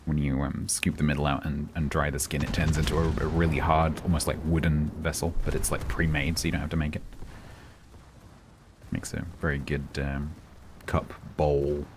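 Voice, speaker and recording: A man's voice: very deep voice, little pitch movement, moderate pace, a little hiss or hum. A man, chatting casually with his stream viewers and rambling with many ums and restarts. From London, England. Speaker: livestreamer. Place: home, United Kingdom.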